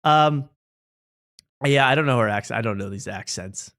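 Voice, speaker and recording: Joking late-night host. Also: male voice, medium pitch, normal speed, fairly bright tone. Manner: mocking, joking. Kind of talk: casual late-night chat.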